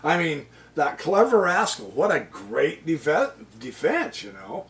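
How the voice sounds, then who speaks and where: Chess host, casual game commentary, chuckling, animated delivery, unhurried, slightly distant mic. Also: mid-range voice. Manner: chuckling, exclaims with delight at the opponent's moves.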